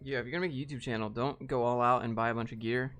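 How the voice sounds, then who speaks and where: A man's voice: mid-range voice, fairly even intonation, rapid-fire, fairly bright tone, faint music behind. A man hosting a casual livestream, answering viewer questions bluntly and with jokes. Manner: blunt, joking, talks straight to viewers.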